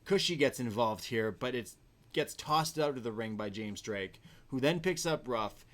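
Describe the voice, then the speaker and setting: A man's voice: medium pitch, expressive, normal speed, a bit bright. A man co-hosting a podcast, casually recapping a show move by move and laughing often. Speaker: podcast co-host. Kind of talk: casual wrestling recap chat.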